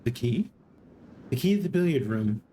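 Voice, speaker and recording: A streamer voicing a measured, careful man who keeps the keys at a resort, in a game read-aloud. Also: medium pitch, expressive, mellow, a little hiss or hum, close to an everyday voice. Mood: cautious. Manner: measured and cautious.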